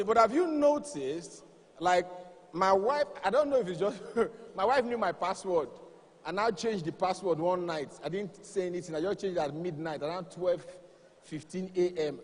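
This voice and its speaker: A man's voice: sits high, slightly rough. A man with a Nigerian accent performing live stand-up comedy, telling stories and acting out dialogue. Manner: animated storytelling, acts out dialogue. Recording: reverberant live hall.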